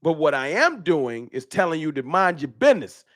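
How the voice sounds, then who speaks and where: A man hosting a casual live-stream fan talk show, animated and slangy, often repeating his words. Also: a little high, normal speed, dry recording, studio quality.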